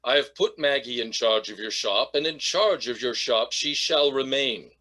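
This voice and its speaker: A man's voice: mid-range voice, bright, forceful tone, close to an everyday voice. Man playing a pompous rich father. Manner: haughty, formal, halting. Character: pompous wealthy businessman father.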